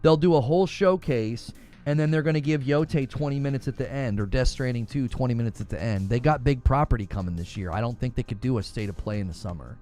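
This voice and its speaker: A man's voice: medium pitch, fast, a little mellow, soft background music. A man hosting a gaming news livestream, arguing his points with emphatic, preacher-like passion and reading viewer comments aloud. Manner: fiery, preacher-like emphatic delivery.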